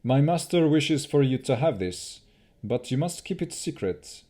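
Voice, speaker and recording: A man's voice: mid-range voice, lively intonation, unhurried, warm tone, voice pushed up. A man reading an audiobook, voicing a grave male elf leader who speaks solemnly and apologetically.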